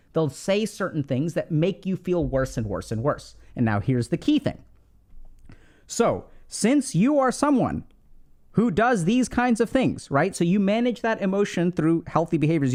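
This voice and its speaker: Man, slightly high voice, conversational advice, keeps asking "right?". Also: a little mellow. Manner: conversational, many fillers and tag questions. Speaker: relationship advice speaker. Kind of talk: casual explanatory talk.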